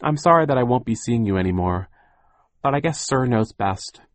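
A man reading an audiobook and voicing a kind, apologetic male foreman with a gentle manner. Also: mid-range voice, lively intonation, moderate pace, no echo, voice pushed up, lightly acted.

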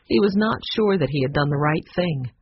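A narrator reading a children's chapter book aloud in a plain, measured storytelling manner. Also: medium pitch, expressive, husky, dry recording, muffled recording. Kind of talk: audiobook narration.

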